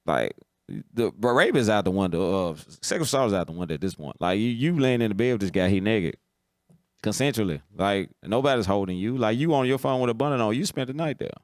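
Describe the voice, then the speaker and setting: A man's voice: lowish voice, lively intonation, quick pace, no room sound, clean studio sound. A man hosting a live football talk stream, giving blunt opinions in casual commentary and often checking "you understand?".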